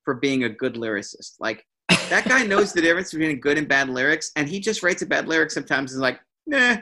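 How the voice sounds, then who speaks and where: A man co-hosting a casual music podcast, talking in an excitable, ranting way. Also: fairly high pitch, quick pace. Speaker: podcast co-host. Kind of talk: casual chat about music.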